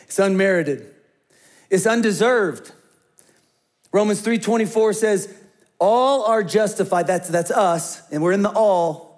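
A middle-aged man delivers a sermon in a relaxed, conversational way, his voice sitting a little high for a man. He moves between plain talk and quieter, hushed storytelling. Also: measured pace, long pauses. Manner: conversational preaching, dropping to hushed tones for stories. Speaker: pastor.

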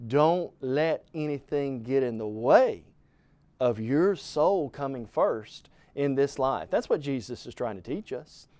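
A man's voice: mid-range voice, lively intonation, slow, a little mellow, no room sound. A middle-aged man preaching a televised Bible lesson in an earnest, emphatic way, calling the listener "friend" and swelling in volume.

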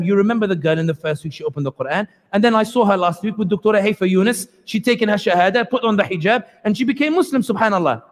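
Passionate male lecturer in a hall. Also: high voice. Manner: passionate, sarcastic, acts out quotes. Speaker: guest speaker. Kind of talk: public lecture. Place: community hall. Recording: long hall reverb.

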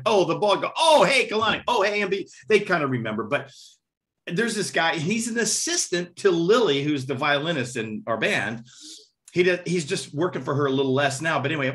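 A male drummer in a relaxed interview, swinging his voice up and down as he tells his stories. His tone is bright and forward, a little higher than most men, and he scats drum patterns and acts out the people in them. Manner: animated, vocalizes rhythms and acts out quotes. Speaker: guest drummer and percussionist. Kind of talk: casual interview storytelling.

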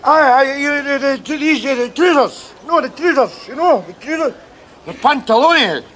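A Glaswegian-accented actor plays a scruffy, boastful working man on holiday in a sitcom, rambling cheekily and chuckling to himself. His voice is very high-pitched and fairly bright with lively intonation at a normal speed, and there's a little hiss or hum.

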